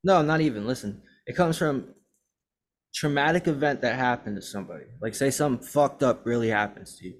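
Profane young man telling animated stories. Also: mid-range voice, a little fast. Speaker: podcast host and rapper. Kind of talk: casual chat.

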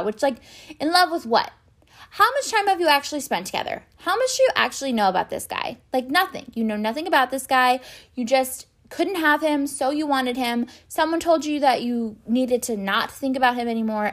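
A woman's voice: high-pitched, expressive, normal speed. A young woman ranting casually in a show recap, exasperated and sarcastic, swearing often and filling her talk with "like". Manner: exasperated, sarcastic, swears a lot, many fillers.

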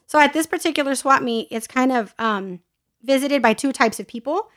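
Lively, high-pitched woman telling stories. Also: moderate pace. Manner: animated storyteller who acts out quoted people. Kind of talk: casual chat.

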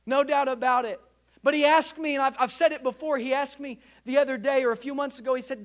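Male pastor, 30s, high-pitched, impassioned church sermon. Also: fast talker. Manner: impassioned preaching, swelling louder at climaxes. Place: church sanctuary.

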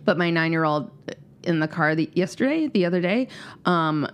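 Host, woman in her thirties, slightly low voice, animated storyteller who laughs often and swears casually. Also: normal speed, clear, resonant tone. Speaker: podcast host. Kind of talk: casual chat.

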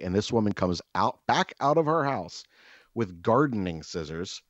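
A man co-hosting a podcast, telling stories in a casual, profane, exaggerated ranting way with loud bursts. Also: fairly low pitch, very animated, normal speed, no room sound, dull audio. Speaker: podcast co-host. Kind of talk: casual storytelling chat.

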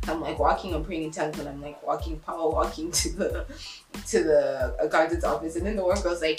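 A woman's voice: quick pace, roomy sound, faint music behind. A young woman casually telling a story, acting out the voices of everyone in it and laughing as she goes. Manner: animated, acts out quotes with big pitch jumps and laughs. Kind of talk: casual anecdote.

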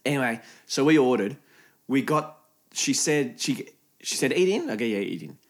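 A man's voice: medium pitch, lively intonation, moderate pace. A man telling a story in casual chat, swearing freely and acting out what other people said.

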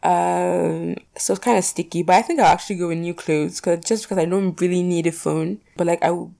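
A young woman talks casually to her camera, working through poll questions in a rambling, filler-heavy way with the odd swear word. Her voice sits a little low, with a mellow, darker tone and plenty of gravelly fry. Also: steady tone, brisk. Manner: chatty, rambling, lots of "like" and "you know", swears casually. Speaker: vlogger.

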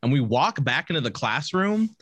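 A man's voice: medium pitch, very animated, normal speed, fairly bright tone, breathy edge, no room sound. A young man casually telling a rambling, profane story with many restarts and bursts of laughter. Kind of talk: casual chat.

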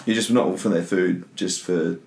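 A man's voice: sits low, steady tone, vocal fry, darkish tone, roomy sound, a little hiss or hum. A young man co-hosting a casual chat, blunt and full of swearing. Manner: blunt, swears a lot, quick reactions. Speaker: podcast co-host.

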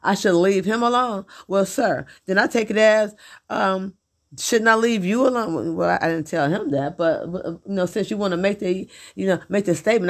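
A middle-aged woman venting in a blunt, profane, repetitive monologue about her husband. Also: fairly low pitch. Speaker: vlogger.

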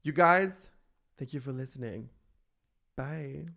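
A man co-hosting a podcast, telling stories in a campy, animated, casual way and laughing often. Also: mid-range voice, slow pace, creaky. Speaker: podcast co-host. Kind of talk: casual chat.

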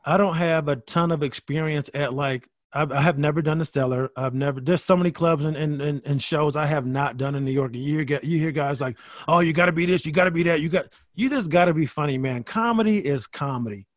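A man with a fairly high voice tells comedy-club stories in a loose, animated way. He swears, trips over his restarts and keeps pushing forward. The sound is dry and close, with no room in it. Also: a little fast, few pauses, dry recording. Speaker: guest comedian. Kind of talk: casual podcast conversation.

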